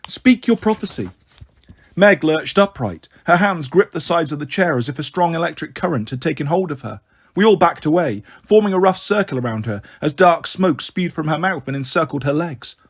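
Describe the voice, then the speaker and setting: A man's voice: fairly high pitch, moderate pace. Man narrating an audiobook expressively. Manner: expressive, dramatic first-person reading. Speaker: storyteller.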